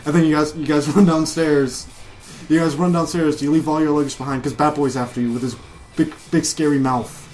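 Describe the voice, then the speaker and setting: A man's voice: a little high, steady tone, a little fast, darkish tone, faint music behind. A man co-hosting a casual comedy chat and spinning long improvised stories. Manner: rambling improvised storytelling. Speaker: podcast co-host.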